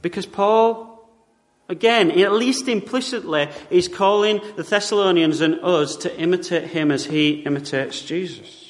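A man's voice: sits high, a little slow. A man from Britain preaching a sermon in a church, wry and conversational, with frequent tag questions. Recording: long reverb of a church hall.

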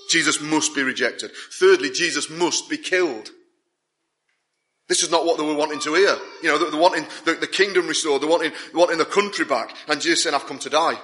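Preaching a sermon, a man drives his points home with emphatic, repetitive build-ups that rise in intensity. His sharp-toned voice is a little high and moves at normal speed, with a little hiss or hum.

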